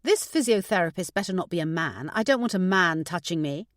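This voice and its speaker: A woman's voice: lowish voice, lively intonation, fairly quick, no echo, clean studio sound, natural voice. A woman voicing a frail, stubborn older father who reminisces fondly and grumbles about his care. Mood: grumbling. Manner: grumbling, sentimental.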